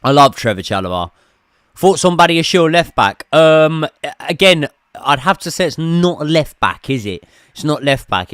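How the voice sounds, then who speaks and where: A man's voice: mid-range voice, fairly bright tone, smooth, no echo, studio quality. A young man hosting a live football watchalong, chatting casually, swearing now and then and answering viewers. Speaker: host of a football watchalong stream. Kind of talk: casual live-stream chat and commentary.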